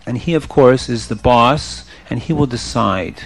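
A man telling a story to children in an animated way, often asking the audience questions. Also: medium pitch, a little slow, vocal fry.

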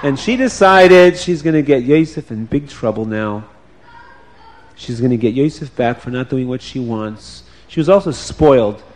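A man telling a children's story in a lively, playful way, asking the children questions. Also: medium pitch, normal speed. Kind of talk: animated children's story narration.

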